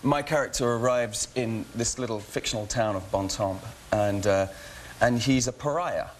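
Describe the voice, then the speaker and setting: A man with an English accent talks fast and loosely as a talk-show guest, tripping over his own starts and laughing easily. His voice sits at an ordinary middle pitch. A faint hiss of background noise runs under the studio sound. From England. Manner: quick, chatty, many restarts and laughs. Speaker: guest actor. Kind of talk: casual talk show interview.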